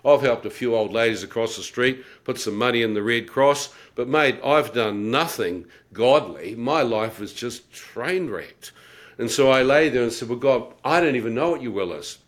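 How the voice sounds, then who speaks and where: Middle-aged guy telling his testimony, wry, laughs at himself, plays out his own thoughts, normal mid pitch. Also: animated, moderate pace. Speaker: guest telling his conversion story. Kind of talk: personal testimony storytelling.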